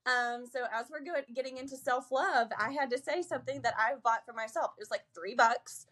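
Chatty, energetic young woman. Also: high voice, fairly quick. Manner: chatty, energetic, laughs often. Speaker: podcast co-host. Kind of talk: casual chat.

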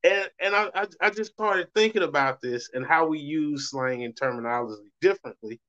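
Middle-aged male host with a Southern US accent, loose and chatty, pitched a bit high, on a dull lo-fi recording. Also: moderate pace, sharp tone. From Southern United States. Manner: loose, rambling, swings voice up for quoted reactions. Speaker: show host. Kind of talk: casual monologue. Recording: muffled lo-fi recording.

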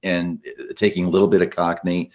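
A man's voice: deep voice, level tone, brisk. A man, a biographer guest on a radio show, explaining history in a thoughtful storytelling way. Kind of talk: radio interview.

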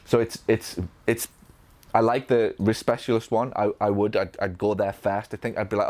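A man from England with a Northern English accent, coaching physio business owners in a live Q&A, energetic, with many restarts and acted-out patient lines. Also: fairly low pitch, normal speed. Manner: energetic, repetitive restarts, acts out patient dialogue. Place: event room.

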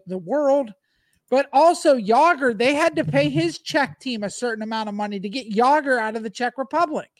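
A man's voice: very high voice, dry recording. A man from Minnesota co-hosting a sports podcast, cracking jokes and asking exaggerated questions. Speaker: podcast co-host. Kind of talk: casual sports chat.

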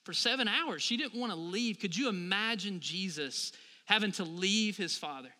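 A man's voice: sits high, animated, normal speed, sharp tone, long reverb tail. A man in his thirties preaching a sermon as a pastor, talking conversationally and asking the congregation for responses.

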